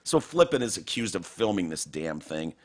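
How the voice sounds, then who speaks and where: A man hosting a casual podcast, telling crude, profane stories with big jumps in pitch. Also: sing-song, normal speed. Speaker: podcast host.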